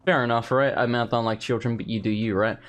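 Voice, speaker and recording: A young English let's play host gives casual gameplay commentary, rambling and exasperated as he talks to himself. His mid-range voice is steady and fast.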